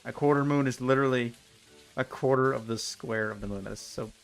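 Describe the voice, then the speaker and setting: A young man commentates his game stream in a frustrated, repetitive rant. His voice sits at an ordinary male pitch, with soft music faintly audible in the background. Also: brisk, vocal fry. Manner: exasperated ranting, repeats himself.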